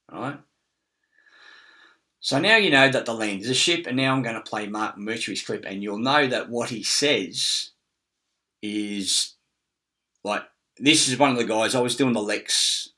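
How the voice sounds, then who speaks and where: A man's voice: fairly low pitch, pushed and bright. A middle-aged man, rambling in a casual monologue with many fillers, restarts and frequent swearing. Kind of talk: casual screen-share monologue.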